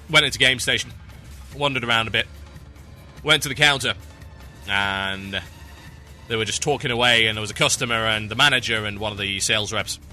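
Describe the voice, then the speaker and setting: A male podcast host from northern England chats casually about games. His voice sits at a middling pitch but sounds very bright and crisp. He acts out the people in his stories with lively voices. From Newcastle, England. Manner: animated, acts out quoted voices.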